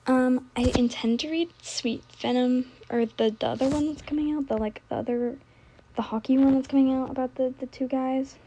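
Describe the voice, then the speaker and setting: A woman's voice: high voice, steady tone, moderate pace, mellow, a little hiss or hum. Chatty young woman rambling about books. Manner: chatty, scattered, often trails off and restarts. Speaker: book vlogger. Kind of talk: casual rambling chat while gaming.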